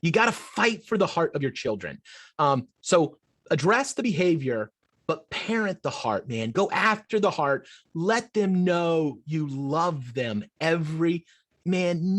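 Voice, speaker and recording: A middle-aged man, an adoptive father, answering an interview question in an earnest, animated way, restarting his sentences often. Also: fairly high pitch, a little slow. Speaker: podcast guest, adoptive father.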